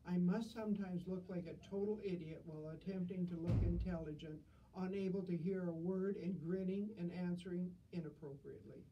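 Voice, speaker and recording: A woman's voice: fairly low pitch, fairly even intonation, brisk, few pauses, recorded from a distance, highs cut off, faint music behind. An older woman reading humorous stories with dry, self-deprecating wit.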